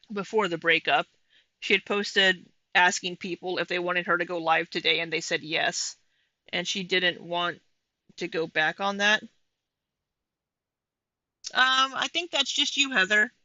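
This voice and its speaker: A woman's voice: fairly low pitch, bright, forceful tone, no echo, lo-fi sound. A woman giving casual commentary over livestream clips, chatting with viewers by name.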